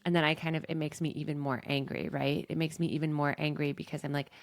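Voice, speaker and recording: A woman's voice: sits low, level tone, fast, gravelly, dry recording. A woman podcast host and coach, talking candidly and reflectively about her own experiences in a personal monologue.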